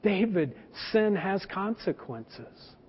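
A man's voice: high-pitched, very animated, slow pace, slightly rough. A man preaching a sermon, telling a story and speaking straight to his congregation. Long hall reverb, dull lo-fi sound. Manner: storytelling, direct address to the congregation. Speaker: pastor.

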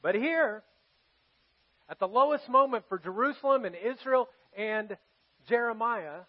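Pastor guy preaching, fairly high voice, earnest, gets soft on the heavy parts, dull audio. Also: unhurried, slightly rough. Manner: earnest storytelling, drops soft for serious moments. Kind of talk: sermon. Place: church. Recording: dull lo-fi sermon recording.

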